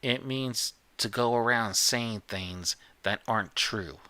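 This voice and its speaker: A man's voice: medium pitch, takes it slowly, pushed and bright, no room sound, voice pushed up. A man voicing a defiant young schoolboy who answers stubbornly and matter-of-factly.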